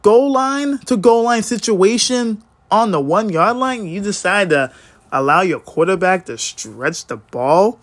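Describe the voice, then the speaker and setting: A man giving a casual, excitable game recap as a fan vlogger, swearing freely and swinging up and down in pitch. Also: a little slow, no room sound.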